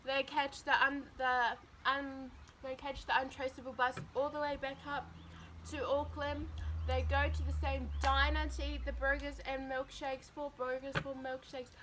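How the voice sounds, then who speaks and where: A young woman spins a rambling story while eating on camera, her voice sitting high. She talks in a casual, playful way. A faint room hum runs under her voice. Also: little pitch movement, moderate pace. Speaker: vlogger. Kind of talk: mukbang story time.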